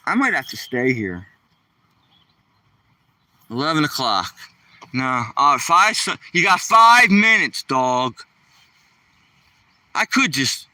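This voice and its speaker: A man's voice: on the high side, bright, forceful tone, dry recording, distant mic. A man chatting casually while walking his dog outdoors, rambling and joking to the dog and the camera. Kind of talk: casual vlog chat.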